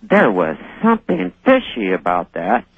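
A man's voice: on the low side, huge pitch swings, moderate pace, husky, no echo. A male caller from the American Midwest, talking on the phone in a sarcastic, joking way. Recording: tinny phone line.

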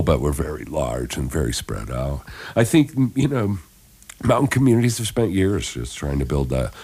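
A man with an extremely deep, rumbling voice hosts a casual morning radio chat. His delivery swings widely in pitch, bouncing and animated. He is chatty, laughs easily and scatters fillers as he goes. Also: slightly rough. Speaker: radio show host. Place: radio studio.

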